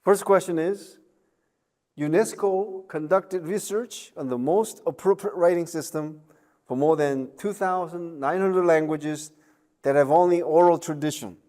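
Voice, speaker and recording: A man's voice: fairly high pitch, measured pace, darkish tone. A man giving a recorded university lecture, chatty, with joking asides, many fillers and tag questions.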